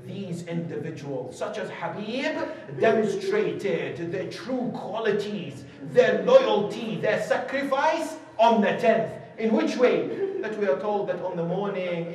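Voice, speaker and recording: A man's voice: a little high, a little mellow. A man preaching a dramatic storytelling sermon, impassioned, his voice rising to cries when he quotes his figures. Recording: echoey hall from far off.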